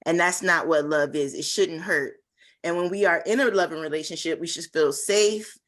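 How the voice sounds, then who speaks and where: Young woman on a video call telling her survival story, earnest, lots of ums, lowish voice. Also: normal speed, fairly bright tone. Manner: earnest, heartfelt, many fillers. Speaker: conference speaker. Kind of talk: personal testimony talk.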